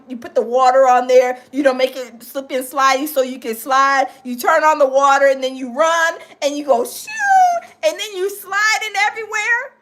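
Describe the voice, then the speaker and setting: A woman hosts a reaction video with a very high voice. Her tone is sharp and bright as she exclaims, laughs and calls out to her viewers in excited commentary. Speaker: reaction channel host.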